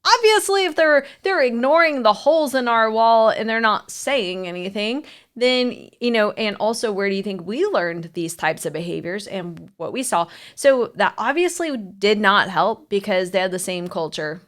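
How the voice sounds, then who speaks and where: A woman's voice: mid-range voice, expressive, moderate pace, few pauses, fairly bright tone. A woman marriage coach talking candidly and telling a story with animation in a casual podcast chat.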